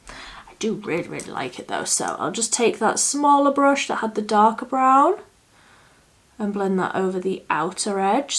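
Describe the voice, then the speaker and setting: A young woman talks through her eye makeup at an unhurried pace, thinking aloud as she works. She often drifts into a soft murmur mid-sentence, and her pitch sits in the middle of the range. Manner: chatty, thinking aloud, drops to a soft murmur while working. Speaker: beauty vlogger. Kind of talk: casual makeup tutorial chat.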